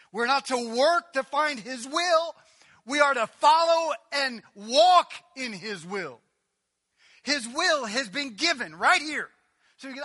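A man preaching a sermon in a high, bright voice. He talks conversationally, with quick asides and fillers. He pushes some lines out loud and emphatic and drops others to a near-whisper. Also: expressive. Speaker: pastor.

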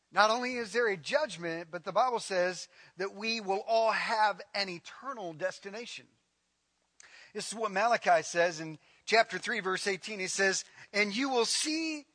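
A man preaching a sermon as pastor, emphatic and slowing down to stretch key words. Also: very high-pitched, sharp tone. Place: large hall with long reverb. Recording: live sermon in a reverberant hall.

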